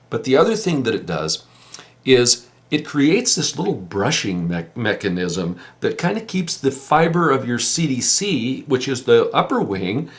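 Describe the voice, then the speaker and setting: Man with a lively voice teaching fly tying. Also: mid-range voice. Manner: patient, plain-spoken, explanatory. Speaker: fly-tying instructor and fishing guide. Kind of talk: step-by-step instruction.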